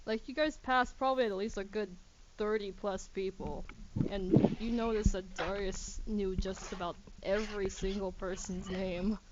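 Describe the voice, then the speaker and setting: A woman's voice: mid-range voice, fairly even intonation, unhurried. A woman narrating a tabletop game as game master, chatty and stammering, with a light giggle. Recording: muffled lo-fi recording with noisy hiss.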